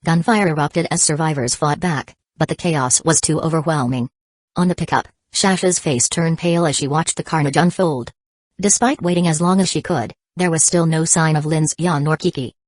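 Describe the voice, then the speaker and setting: Low-voiced woman reading an audiobook. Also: normal speed, dry recording. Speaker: audiobook narrator. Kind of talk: scripted audiobook narration.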